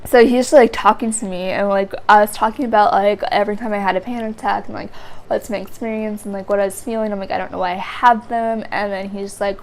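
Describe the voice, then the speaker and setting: A woman's voice: mid-range voice, steady tone, fairly quick, a little hiss or hum. A young woman vlogging, telling a story casually to her viewers in a rambling way full of "like" fillers. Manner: rambling, heavy use of "like" fillers.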